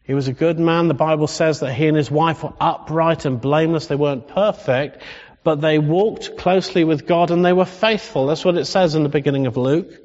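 A man preaching a sermon in a conversational style that rises into animated emphasis. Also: fairly high pitch, fairly quick. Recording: dull sound with long hall reverb.

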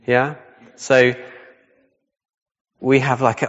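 A man's voice: medium pitch, normal speed, long pauses. A man preaching a sermon in a casual, conversational way, often checking in with "yeah?" and repeating his key points. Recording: dull sound with long hall reverb.

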